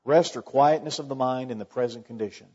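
A man's voice: medium pitch, a little fast, dark tone, breathy edge. A man preaching a sermon in a conversational way, firing off rhetorical questions and often restarting his sentences. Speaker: pastor. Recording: muffled sound with long hall reverb.

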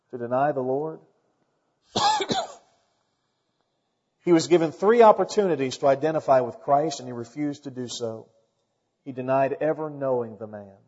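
A man's voice: a little high, lively intonation, normal speed, pauses often, darkish tone, slightly rough. A middle-aged man preaching a sermon, earnest and emphatic, reading scripture aloud. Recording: dull lo-fi recording in a reverberant hall.

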